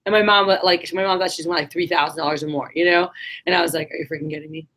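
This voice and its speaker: Lowish woman, storytelling sales pep talk. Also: fast, a bit bright. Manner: casual storytelling, acts out quotes, swears. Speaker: sales team leader. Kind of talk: motivational talk to a sales team.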